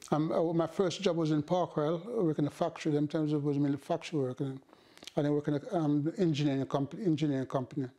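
A man's voice: a little high, dark tone. An older man telling plainly, matter-of-fact, about his early factory jobs in a documentary interview.

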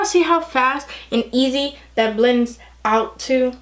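A young woman chatting excitedly through a casual makeup tutorial, gushing over the products. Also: high voice, slow. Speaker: beauty vlogger.

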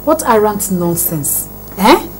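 A woman's voice: mid-range voice, sing-song, slow pace, faint music behind, low-quality recording. An actress playing a proud, wealthy middle-aged mother who soothes her daughter. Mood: haughty. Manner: soothing, then haughty. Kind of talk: film drama dialogue.

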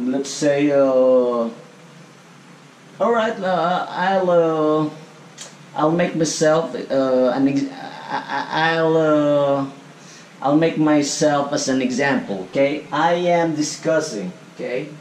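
A man teaching an English grammar lesson. He talks slowly and repeats himself, tags nearly every phrase with "okay?", and asks the class questions that he then answers himself. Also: fairly high pitch, a little mellow. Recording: echoey room, voice from far off, faint background noise.

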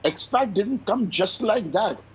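A man's voice: high voice, lively intonation, measured pace, breathy edge. A man with an Indian accent, a chef, telling stories about his dishes in a conversational interview and slipping Hindi into his English. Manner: storytelling, mixes Hindi into English, repeats words. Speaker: chef and restaurateur. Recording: dull lo-fi sound.

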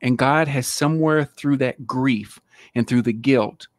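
Brief: male host, mid-pitch, earnest pastoral tone, dry close recording. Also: unhurried, no echo. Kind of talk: faith talk show.

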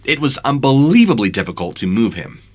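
A man's voice: medium pitch, sing-song, fairly quick. A man narrating scary true stories in a dramatic, suspenseful storytelling manner on a studio microphone.

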